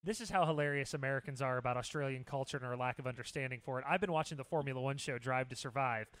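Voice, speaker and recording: A man's voice: medium pitch, very fast, a bit bright, clear, resonant tone, no echo. A man hosting a casual chat show, talkative and teasing his guests. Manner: chatty, teasing. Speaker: host.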